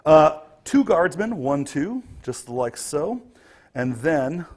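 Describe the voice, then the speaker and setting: A man running a tabletop game as game master, his voice slightly husky. He paints each scene in lively detail, pausing on ums and restarting his sentences as he goes. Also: fairly high pitch. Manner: vivid scene-setting with frequent ums and restarts.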